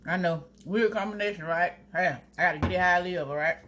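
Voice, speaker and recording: A young woman in braces chatting casually to her viewers while she cooks at home, talking straight to them with drawn-out asides. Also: on the low side, fairly bright tone, slight background noise. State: wearing new braces, teeth clanging. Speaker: vlogger. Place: home kitchen. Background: food sizzling in a pan.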